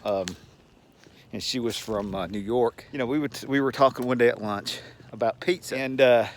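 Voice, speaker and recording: A man's voice: medium pitch, moderate pace, slight background noise. An older man with a Georgia Southern accent, chatting emphatically in a rambling, folksy way while out walking and often chuckling. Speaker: vlogger. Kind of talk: rambling casual monologue. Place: outdoors, walking.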